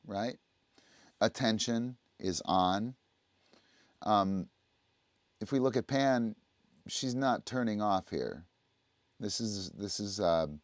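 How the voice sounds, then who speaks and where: A man's voice: lowish voice, dry recording. A man teaching dog training on a livestream, explaining casually and often checking in with the listener. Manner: conversational, explaining, often asks "right?".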